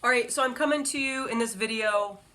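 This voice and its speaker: A motivational speaker hosts her vlog straight to camera, her voice fairly high, fairly quick, and sharp in tone. She comes across upbeat and earnest as she coaches her viewers.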